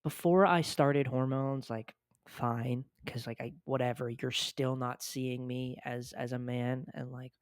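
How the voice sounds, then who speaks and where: Deep voiced guy hosting a podcast, chatty, lots of "like", swears a bunch, dry close sound. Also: steady tone, measured pace, no room sound. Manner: swears freely, many "like" fillers. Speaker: podcast host. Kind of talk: casual chat.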